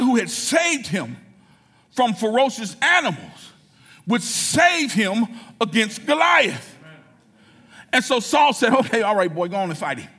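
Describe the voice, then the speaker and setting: A man preaching a sermon in a church, building from storytelling to shouted, fervent preaching. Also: very high voice.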